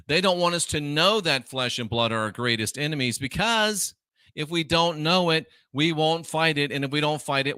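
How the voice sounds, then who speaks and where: A man's voice: a little high, sharp tone, dry recording, studio quality. Emphatic, scornful man preaching a lecture. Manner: emphatic and scornful, repeating phrases. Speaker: host.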